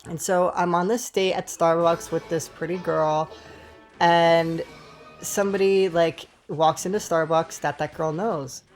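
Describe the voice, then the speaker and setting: A man's voice: on the high side, steady tone, measured pace, faint music behind. Swearing young man telling a storytime. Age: 20s. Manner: swears freely and rambles with asides to viewers. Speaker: gaming storyteller. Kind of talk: casual storytime over gameplay.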